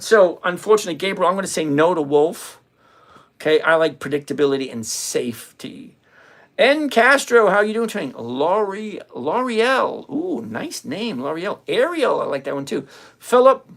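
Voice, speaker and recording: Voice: mid-range voice, creaky. A livestream host chatting casually about covered calls, joking and greeting viewers by name. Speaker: livestream host on stock options. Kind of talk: casual live chat, reading viewer names.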